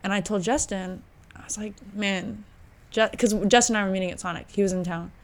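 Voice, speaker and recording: A young woman hosting a podcast, telling a story in a casual, animated way and laughing often. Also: medium pitch, fairly quick. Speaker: podcast host. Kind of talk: casual chat.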